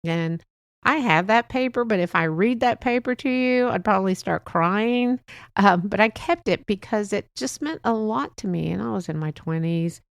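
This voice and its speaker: Gravelly woman in her sixties, rambling podcast. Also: mid-range voice, normal speed, no echo, clean studio sound. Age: 60s. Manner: rambling, heartfelt, prone to chuckles. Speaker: podcast host. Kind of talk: casual solo podcast monologue.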